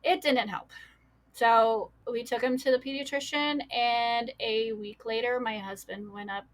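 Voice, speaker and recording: A woman's voice: on the high side, fairly even intonation, a little slow. Woman telling a painful story casually. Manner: casual, many fillers, emotional recounting. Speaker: guest. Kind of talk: personal storytelling.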